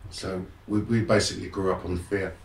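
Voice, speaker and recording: Deep-voiced and talking a little fast, a middle-aged man is heard from a distance in a roomy space. As a guest and motivational speaker, he tells his personal story frankly and streetwise, bursting into animation when re-enacting events.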